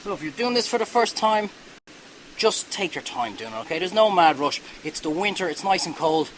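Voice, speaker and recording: A man's voice: high-pitched, animated, moderate pace, fairly bright tone, slight background noise, poor audio. A man hosting a cooking show, talking viewers through a hands-on demonstration in a chatty, reassuring way that wanders off topic.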